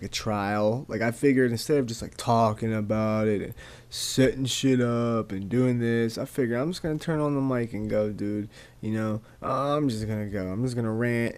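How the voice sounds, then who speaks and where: A man's voice: mid-range voice, a little mellow. Rambling, profane young man ranting. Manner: rambling, profane, repeats words. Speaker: podcast host. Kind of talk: casual solo rant.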